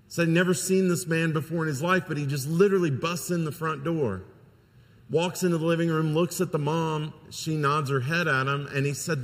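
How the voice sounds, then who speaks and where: A man's voice: medium pitch, long reverb tail. Earnest male pastor preaching a sermon. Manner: earnest storytelling with many restarts.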